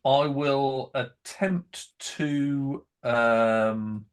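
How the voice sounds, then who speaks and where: A player in a tabletop game speaks in an expressive, mid-range voice during casual play chat. He is hesitant and deliberate, using lots of fillers as he figures out the rules.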